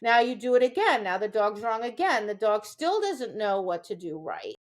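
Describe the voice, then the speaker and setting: A woman's voice: mid-range voice, sing-song, moderate pace. A woman dog trainer co-hosting a podcast, explaining training in a chatty way and often checking in with "right?". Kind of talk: casual podcast chat.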